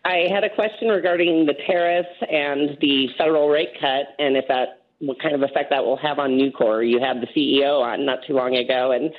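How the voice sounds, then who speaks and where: Female caller, phone-line sound, very low voice, polite and a bit hesitant. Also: fairly even intonation, a little fast, few pauses. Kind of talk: phone-in question.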